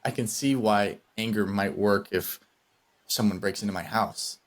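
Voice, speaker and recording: A man co-hosting a podcast in casual chat, reflective and measured as he thinks aloud. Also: on the low side. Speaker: podcast co-host.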